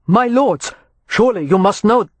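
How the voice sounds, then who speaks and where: A narrator voicing a calm, nimble young man who stays excessively reasonable and pleasant while breaking up a fight. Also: on the high side, measured pace, no echo. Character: calm, nimble dark-haired young man keeping the peace.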